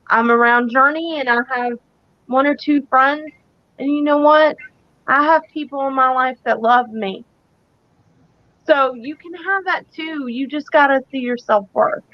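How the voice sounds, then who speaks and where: A woman's voice: sits high, a little slow, dry recording, highs cut off. A woman co-hosting a live psychic talk show, speaking earnestly and emphatically, repeating her key points. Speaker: psychic co-host.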